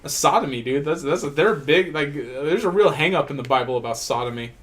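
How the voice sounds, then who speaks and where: A man co-hosting a podcast, telling crude stories in rambling casual banter, laughing often and loudly acting out the people he quotes. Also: a little high, a little fast. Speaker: podcast co-host.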